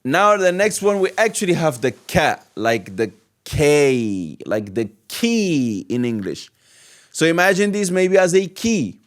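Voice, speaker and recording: A man teaching a beginner lesson, drawing out and repeating each letter sound slowly for learners. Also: a little high, big pitch swings. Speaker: Arabic teacher. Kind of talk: slow step-by-step language lesson.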